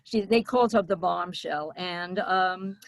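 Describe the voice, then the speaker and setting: An older woman doing stand-up comedy, telling stories about her family in a brash, deadpan way and slipping into exaggerated voices for the people she quotes. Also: fairly low pitch, unhurried, gravelly, no room sound. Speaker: stand-up comic. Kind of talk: stand-up storytelling.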